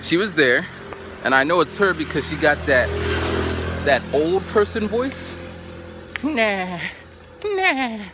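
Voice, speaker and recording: A man's voice: fairly high pitch, normal speed, long pauses, over music. A man in his forties tells a story to the camera in a casual way. He acts out what people said and keeps going back to "so then.". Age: 40s. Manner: animated anecdote telling, acts out quotes, repeats "so then". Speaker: vlogger.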